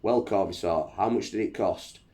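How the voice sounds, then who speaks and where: A man's voice: low-pitched, normal speed, dark tone, natural voice. A man reading as a teasing jovial emperor.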